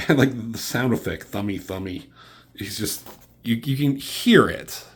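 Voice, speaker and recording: A man's voice: mid-range voice, animated, measured pace, breathy edge. A young man casually reviewing a comic, rambling, laughing and acting out the characters' lines in voices. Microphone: camera mic.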